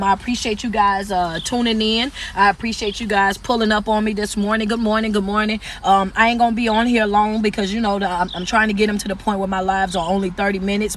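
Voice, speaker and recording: Loud, high-voiced man preaching motivation. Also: a little hiss or hum. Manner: loud, fast, aggressive, commanding delivery. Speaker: motivational speaker. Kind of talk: live-stream motivational talk.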